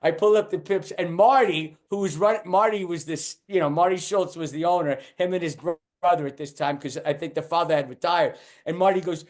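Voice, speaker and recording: An older man, a guest comedian, telling lively anecdotes in a casual chat, with stumbling restarts and acted-out quotes. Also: high-pitched, brisk, hardly any pauses.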